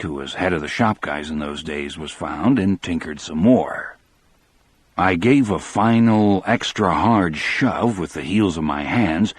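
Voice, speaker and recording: Deep husky male audiobook narrator. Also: no room sound. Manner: measured storytelling. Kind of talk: scripted first-person audiobook narration.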